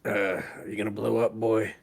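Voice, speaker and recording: A man voicing a gruff, odd wasteland man in a tabletop game, mumbling low. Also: monotone, a little fast, mellow. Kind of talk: tabletop role-play.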